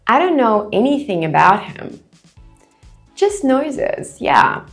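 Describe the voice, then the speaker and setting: A woman reading out a listening quiz for English learners, careful and deliberate. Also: a little high, big pitch swings, faint music behind. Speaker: English teacher. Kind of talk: slow, clear quiz narration for learners.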